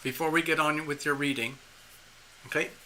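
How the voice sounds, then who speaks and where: Bright-voiced man giving a live tarot reading. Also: fairly high pitch, normal speed, a little hiss or hum. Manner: rambling and animated, with frequent restarts and chuckles. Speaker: tarot reader hosting a live stream.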